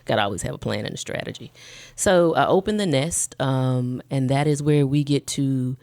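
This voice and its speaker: A woman co-hosting a podcast, chatting casually, animated and quick to affirm and laugh. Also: rumbling low. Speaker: podcast co-host. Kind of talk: casual chat.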